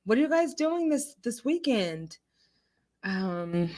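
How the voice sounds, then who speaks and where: A woman's voice: a little high, very animated, slow pace, mellow. A tipsy woman casually chatting on a livestream in an echoey room at home, giggling and greeting viewers. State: a little tipsy. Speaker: livestream host.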